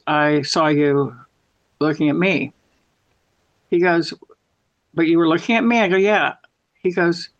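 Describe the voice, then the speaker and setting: A middle-aged woman hosting a podcast, telling rambling stories and acting out both sides of each conversation. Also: sits low. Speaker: podcast host. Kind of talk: casual storytelling. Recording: muffled lo-fi audio.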